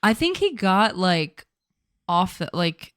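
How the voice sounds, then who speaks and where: A woman co-hosting a podcast in casual chat, chatty and animated with lots of fillers. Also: medium pitch, slow, clean tone, no echo, studio quality. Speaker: podcast co-host.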